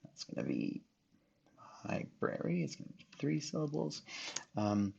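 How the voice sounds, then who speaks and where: A man's voice: on the high side, wildly swooping pitch, measured pace, creaky, dark tone, slightly rough. A male teacher giving a recorded phonics lesson, patiently sounding out syllables and letters one by one. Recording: dull lo-fi recording.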